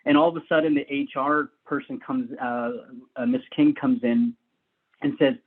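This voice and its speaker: Over a tinny line that sounds like a phone, a man speaks at medium pitch, steady in tone and normal in speed. As a guest, he shares loose, casual stories from the start of his career, frequently laughing and starting his sentences over.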